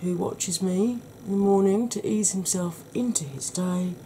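A woman with a husky, croaky voice hosts a soft-spoken ASMR makeup tutorial, chatting gently to her viewers. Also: mid-range voice, unhurried, slight background noise. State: husky, croaky voice from a sore throat.

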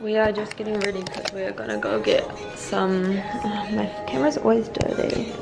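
A young woman in her twenties vlogging casually, gushing and swearing with excitement, at times tearful. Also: mid-range voice, normal speed, over loud music. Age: young adult. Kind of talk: casual vlog.

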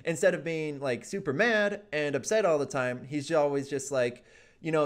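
A man's voice: fairly high pitch, moderate pace. Earnest rambling man giving gaming advice. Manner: rambling, earnest, many fillers. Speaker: gaming YouTuber. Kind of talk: casual advice monologue.

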